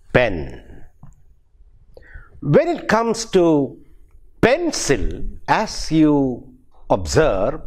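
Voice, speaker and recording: Slow, lively-pitched Indian lecturer. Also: male voice. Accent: Indian English. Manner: slow, deliberate, repeats definitions for emphasis. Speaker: university English lecturer. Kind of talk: recorded classroom lecture.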